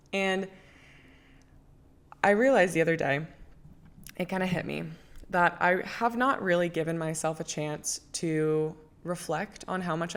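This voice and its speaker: Podcast host, young adult woman, low voice, chatty and candid, confessional storytelling. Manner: candid, chatty, swears freely, drops to near-whisper when tense. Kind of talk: casual storytelling.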